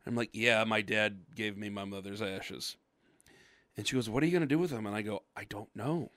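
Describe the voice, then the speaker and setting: A man's voice: lowish voice, brisk, fairly bright tone. A man from with a lingering cough, telling a rambling story on a podcast. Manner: rambling, restarts, acts out quoted voices. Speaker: podcast co-host. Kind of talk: casual storytelling chat. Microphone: podcast microphone.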